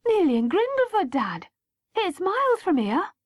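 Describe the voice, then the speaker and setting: Woman doing a teen boy, high and loud, pleading and defiant, dry close sound. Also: very animated, normal speed, no room sound. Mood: pleading, indignant. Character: teenage boy, eager and defiant.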